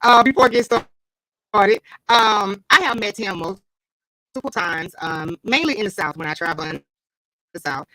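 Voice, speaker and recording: A woman's voice: mid-range voice, unhurried, long pauses, bright, forceful tone, low-quality recording. A woman hosting a live online interview, effusive and chatty, laughing often, talking into a computer mic. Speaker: host. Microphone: computer mic, live stream.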